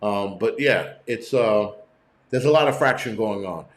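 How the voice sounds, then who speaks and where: A man's voice: lowish voice, a little slow, echoey room. A man hosting his own channel, telling stories in a profane, rambling way full of restarts and fillers. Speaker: channel host. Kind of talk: casual live-stream rant.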